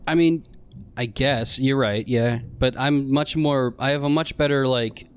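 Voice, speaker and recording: A man's voice: medium pitch, measured pace, clear, resonant tone. A young man in his twenties, casual podcast chat, teasing his friend with wry banter.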